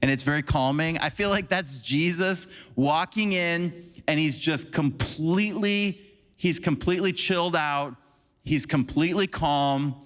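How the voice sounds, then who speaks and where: A man giving a conversational, animated sermon as a preacher, acting out little scenes for the congregation. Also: fairly high pitch, a little slow. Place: church sanctuary. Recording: long church hall reverb.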